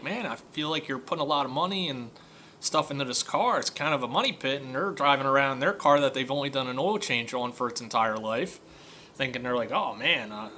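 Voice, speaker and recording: An auto repair shop owner rants loosely in a casual monologue, telling customer stories conversationally and filling them with fillers. His medium-pitched voice sounds pushed and bright, with slight background noise.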